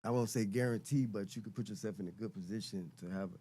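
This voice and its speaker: A man's voice: fairly low pitch, fast, warm tone, breathy edge. A middle-aged man and podcast guest talking casually and reflectively, often repeating words as he searches for them. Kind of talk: casual conversation.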